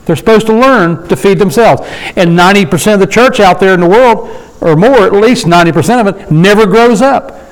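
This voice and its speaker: A man leading a Bible study sermon in a conversational way, slowing down to read scripture and often asking his listeners for agreement. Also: sits high, poor audio. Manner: conversational, asks the room for agreement; slows down to read scripture aloud. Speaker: preacher.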